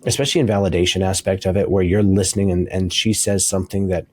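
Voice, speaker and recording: Man, co-host, low husky voice, emphatic, preachy delivery. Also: little pitch movement, fast, no echo. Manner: emphatic, preachy, laughs easily. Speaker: podcast co-host. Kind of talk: casual faith podcast talk.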